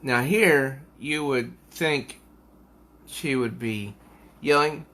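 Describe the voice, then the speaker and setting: A man casually reviewing a comic book, reading passages aloud and musing on them in an unhurried way with small hesitations. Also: mid-range voice, bright, forceful tone.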